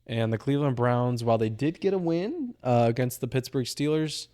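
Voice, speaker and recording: A man's voice: mid-range voice, expressive, moderate pace, mellow, no room sound. Chill young guy talking football picks, says dude a lot, dry mic sound. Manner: laid-back, swears casually, says dude. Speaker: podcast co-host. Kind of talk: casual sports chat.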